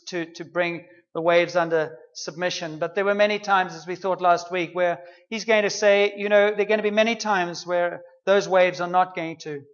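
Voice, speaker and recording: A man's voice: high-pitched, muffled recording. A man preaching a sermon in a conversational, humorous way, with playful asides to the congregation.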